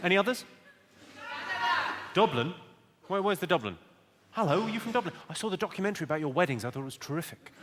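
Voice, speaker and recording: A southern English man doing stand-up comedy, his fairly high voice swooping up and down as he lands dry, deadpan one-liners. He teases the crowd with a sly edge. The live recording is buried under loud background noise. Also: quick pace, pauses often. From England.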